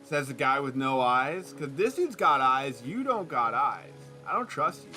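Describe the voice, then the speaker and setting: A man's voice: medium pitch, big pitch swings, measured pace, hardly any pauses, over music. A man streaming a detective game, commenting with sarcastic jokes. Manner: joking, sarcastic asides.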